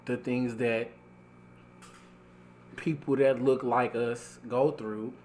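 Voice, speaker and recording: A man hosting a casual podcast, talking in a slow, deliberate, reflective way. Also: mid-range voice, fairly even intonation, darkish tone, slight background noise. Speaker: podcast host.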